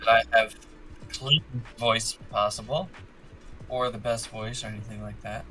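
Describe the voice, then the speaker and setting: A man chatting on a live stream as a moderator. He enunciates every word carefully and clearly. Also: on the low side, fairly even intonation, a little slow, pushed and bright, soft background music, poor audio. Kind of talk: casual live-stream chat.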